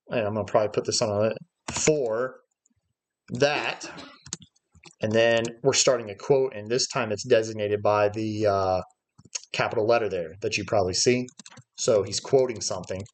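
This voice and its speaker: A man's voice: on the low side, slight background noise. A man leading a livestreamed Bible study lesson, explaining Greek words step by step and thinking aloud with frequent "uh" fillers. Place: church livestream.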